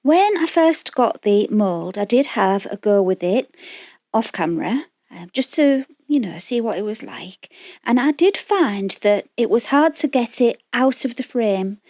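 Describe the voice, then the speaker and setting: A woman's voice: a little high, lively intonation, unhurried, a little mellow, dry recording, studio quality. Chatty Yorkshire woman narrating crafts. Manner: rambling, self-deprecating, prone to filler and restarts. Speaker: resin craft channel host. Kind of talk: chatty voice-over of a craft tutorial.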